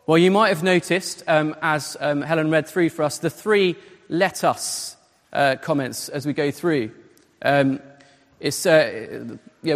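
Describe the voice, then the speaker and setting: Man preaching in a reverberant hall. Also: a little high. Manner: conversational, many fillers and rhetorical questions. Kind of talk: sermon. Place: church hall.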